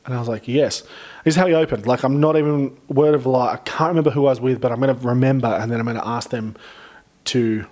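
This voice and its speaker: A young Australian man hosting a podcast, chatting casually and rambling through animated stories. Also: mid-range voice, quick pace. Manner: rambling storyteller, animated retellings. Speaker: podcast host. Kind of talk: casual chat.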